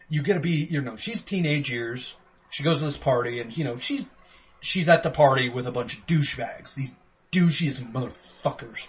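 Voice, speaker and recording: A man co-hosting a podcast game review, ranting profanely and excitedly while acting out quotes. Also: medium pitch. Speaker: podcast co-host. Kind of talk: casual game review chat. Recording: dull lo-fi sound with faint noise.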